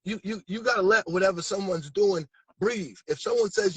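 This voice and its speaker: A man's voice: high-pitched, a little fast, a bit bright, breathy edge, dry recording, poor audio. A man from Massachusetts, a rapper guest, talking in a laid-back, slangy way in a casual interview. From Massachusetts, USA.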